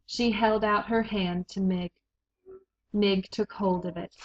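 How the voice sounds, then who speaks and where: A woman reads a children's novel aloud at an unhurried pace, giving each phrase careful weight. Her voice sits at a middle pitch, and the recording sounds a little muffled and lo-fi. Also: slight background noise. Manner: slow, measured, expressive. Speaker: reader. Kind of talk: read-aloud storybook narration. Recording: dull lo-fi recording.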